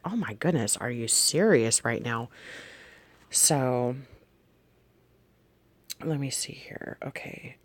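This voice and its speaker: A vlog host casually recounting dreams and visions from a notebook, wandering and correcting themselves while talking straight to viewers. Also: mid-range voice. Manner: meandering, self-correcting, addresses viewers directly. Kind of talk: casual spoken testimony read from a notebook.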